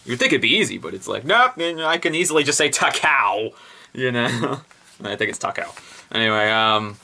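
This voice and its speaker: A young man talks through a review with no script, excitable and rambling, trailing into fillers and correcting himself mid-sentence. His voice is bright and forceful, sitting at an ordinary pitch for a man. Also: normal speed, vocal fry. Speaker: product reviewer. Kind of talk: casual unscripted review.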